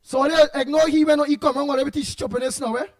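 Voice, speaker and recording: A man with a Trinidadian accent hosting a call-in talk show, reading out listener comments in an animated way and bursting into shouts. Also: extremely high pitch, racing, no echo. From Trinidad and Tobago. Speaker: radio talk show host.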